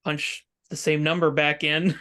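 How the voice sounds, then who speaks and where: A woman's voice: deep voice, little pitch movement, a little slow, fairly bright tone. A woman playing a tabletop game, speaking casually and thinking aloud. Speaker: player.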